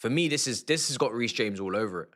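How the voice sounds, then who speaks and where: A young man hosting a live football watchalong, muttering reactions that flare into loud outraged shouting. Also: mid-range voice, lively intonation, fast. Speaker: livestream football watchalong host. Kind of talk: live match watchalong commentary.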